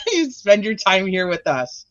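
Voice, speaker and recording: A man hosting a true crime live stream, chatting casually with guests and sending warm thanks to viewers over a video call. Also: sits high, very animated, takes it slowly. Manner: chatty, rambling, affectionate sign-offs. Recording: dull dry lo-fi sound.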